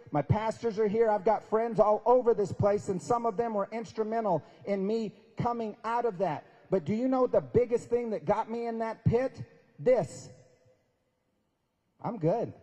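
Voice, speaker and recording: A man's voice: sits high, moderate pace, warm tone. Man in his forties speaking in a hall. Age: 40s. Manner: storytelling, acts out quoted dialogue, conversational and emphatic. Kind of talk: inspirational talk at a prayer breakfast. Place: large event hall. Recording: long reverb of a large hall.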